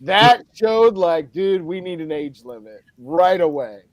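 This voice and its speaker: A man's voice: sits high, expressive, unhurried, no room sound. A man hosting a casual podcast, rambling and often laughing as he talks. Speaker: podcast host. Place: home studio, Florida.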